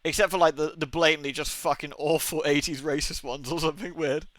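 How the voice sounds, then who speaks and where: A young man talks on a livestream in a loose, rambling way, full of swearing and laughter. His voice sounds bright and forceful and sits a bit high for a man. The sound is dry, with little room sound. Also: steady tone, a little fast, no echo. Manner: chatty, swears often, laughs a lot. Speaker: streamer. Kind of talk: casual livestream chat.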